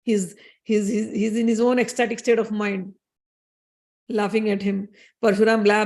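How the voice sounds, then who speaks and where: A woman's voice: medium pitch, fairly even intonation, moderate pace, gravelly. A woman giving an earnest scripture discourse as a spiritual teacher, repeating key phrases as she explains a story.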